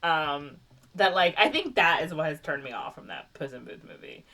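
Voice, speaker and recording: A woman's voice: low voice, animated, normal speed, sharp tone, far from the mic. A woman hosting a podcast, chatting casually in a giggly, rambling way with lots of fillers. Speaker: podcast host. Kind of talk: casual chat.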